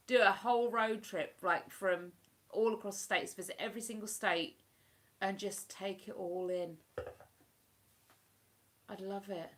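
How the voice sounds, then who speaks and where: A British woman chatting on a livestream in a bright, clear voice. She talks in an easy, rambling, enthusiastic way. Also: mid-range voice. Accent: British English. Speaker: livestream host. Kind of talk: casual chat.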